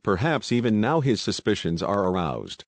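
A man voicing an excitable Russian male conspirator, speaking with urgent reproach. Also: fairly low pitch, moderate pace, dry recording. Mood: agitated.

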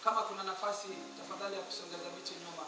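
High-voiced Kenyan preacher in echoey hall. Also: male voice, level tone, racing. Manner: urgent, pleading, switching between English and Swahili, swelling to shouts. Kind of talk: altar call sermon. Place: large echoing hall at a school meeting. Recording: echoey hall from far off with music.

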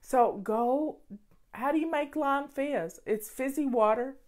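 A woman's voice: high-pitched, takes it slowly, a little mellow. A woman hosting a casual question-and-answer show, giving affectionate, encouraging advice to her viewers.

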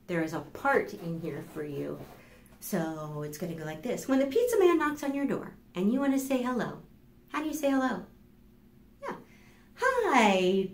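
Animated children's librarian, echoey room. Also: female voice, on the low side, slight background noise. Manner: animated, sing-song, encouraging. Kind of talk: children's storytime reading. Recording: roomy room echo.

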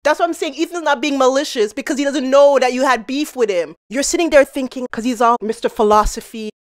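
Woman commentator, casual, slightly high-pitched, chatty, laughs a lot. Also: fast talker. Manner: chatty, laughs between points, addresses people directly. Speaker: commentary channel host.

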